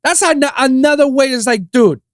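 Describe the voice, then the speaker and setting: Male podcast host from Puerto Rico, solo rant, lively swooping pitch, dry close sound. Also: moderate pace, dry recording. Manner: animated, profane, swings between loud outbursts and low mutters.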